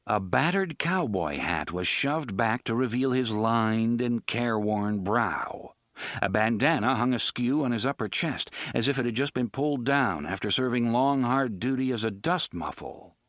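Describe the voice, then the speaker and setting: A man narrating a story in an expressive audiobook style. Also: mid-range voice, no echo, studio quality. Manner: expressive, varied delivery.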